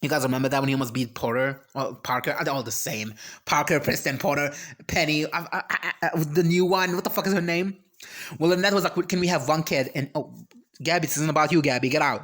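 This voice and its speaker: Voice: medium pitch, quick pace, fairly bright tone. Heated, profane reaction host. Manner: laughs and trails off mid-sentence. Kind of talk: casual reaction commentary.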